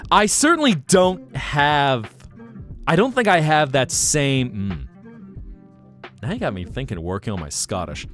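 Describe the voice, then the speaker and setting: A man's voice: mid-range voice, takes it slowly, pauses often, faint music behind. A man hosting a livestream, chatting casually and rambling about accents. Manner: rambling, musing, animated. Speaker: livestream host.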